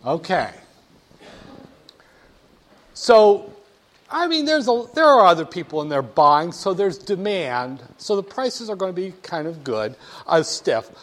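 Man, lecturer, classroom talk, playful, teasing, high-pitched. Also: big pitch swings, a little slow, pauses often, a bit bright. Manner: playful, teasing, talks straight to students.

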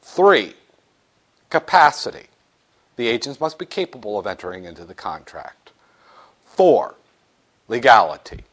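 A man's voice: medium pitch, a little slow, pauses often. A man teaching business law to a class, joking and acting out little scenes as he lectures. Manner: animated, jokey, acts out little scenes.

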